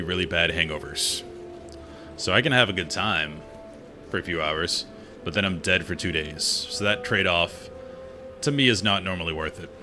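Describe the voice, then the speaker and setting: Deep-voiced laid-back gaming streamer. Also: male voice. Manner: relaxed, rambling, opinionated. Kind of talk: casual chat while playing. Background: game music.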